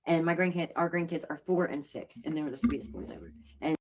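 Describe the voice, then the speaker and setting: A woman's voice: low-pitched, fast talker, darkish tone. A middle-aged woman chatting defensively on a casual livestream. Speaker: livestream co-host.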